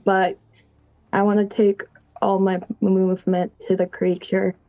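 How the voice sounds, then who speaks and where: A woman playing a tabletop game, chatting casually and giggling between hesitant thoughts. Her voice is at a middle pitch and sounds dry and close. The recording is a bit dull and muffled. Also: level tone, a little slow, no room sound. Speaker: player.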